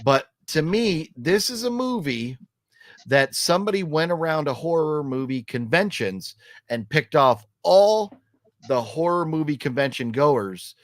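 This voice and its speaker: A man's voice: fairly high pitch, lively intonation, unhurried, no echo. Rambling man vlogging in a dry room. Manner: rambling, full of ums and restarts; acts out quoted lines while telling a story. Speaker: vlog host reviewing a horror movie trailer. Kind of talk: casual opinionated chat.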